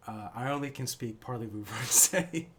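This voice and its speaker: A man's voice: mid-range voice, normal speed, a bit bright, a little hiss or hum. A man who teaches math, a shy, hesitant guest chatting on a casual live stream. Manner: hesitant, shy, many "uh" fillers.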